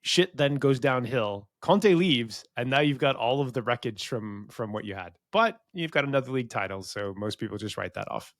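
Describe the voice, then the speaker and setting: A man's voice: medium pitch, expressive, normal speed, hardly any pauses, dry recording, studio quality. Frank American man, casual podcast talk. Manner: frank, swears, frequent restarts. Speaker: podcast co-host. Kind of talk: casual chat.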